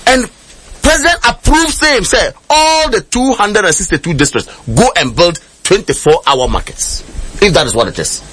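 A man's voice: high-pitched, lively intonation, moderate pace, a bit bright, breathy edge. A man with a Ghanaian accent, an outspoken political commentator on a radio panel, talking emphatically and switching between Twi and English.

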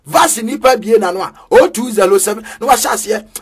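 A man preaching with fervor in a very high, husky voice. He chants his lines in a sing-song rhythm and breaks into shouts. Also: fast talker. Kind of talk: energetic street sermon.

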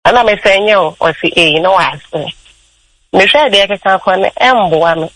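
A woman's voice: mid-range voice, normal speed, a bit bright, dry recording, low-quality recording. A woman with a Ghanaian accent calling in to a radio show, telling her story mostly in Twi. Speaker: caller. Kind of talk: call-in radio conversation.

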